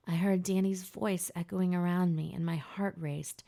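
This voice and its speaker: A woman narrating a first-person audiobook in a hushed, tense, emotional way. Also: fairly low pitch, fairly even intonation, moderate pace, vocal fry.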